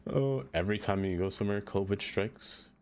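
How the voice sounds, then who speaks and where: A man with a fairly low voice chats his way through a live game stream, talking to the game and answering his chat. He is quick to break into dismayed exclamations, and soft music plays behind him. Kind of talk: casual live-stream chatter while playing.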